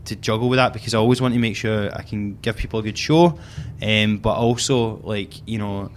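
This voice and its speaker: A man's voice: fairly low pitch, fairly quick, slight background noise. A young Scottish man with a Glaswegian accent, a comedian chatting casually as an interview guest in front of a small live audience, self-mocking and full of fillers. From Scotland.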